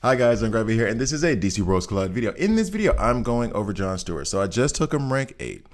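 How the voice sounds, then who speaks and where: A man's voice: on the low side, sing-song, fast. A tired man hosting a game guide video, rambling in a chatty way and slipping into a Southern twang now and then. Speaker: mobile game guide host. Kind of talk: casual gameplay commentary.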